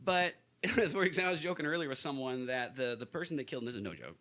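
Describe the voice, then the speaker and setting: Guy from kentucky on a podcast, bright voice, keeps laughing mid-story. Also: mid-range voice, fast. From Louisville, Kentucky, US. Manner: animated, laughs through his stories, frequent restarts. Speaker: podcast guest.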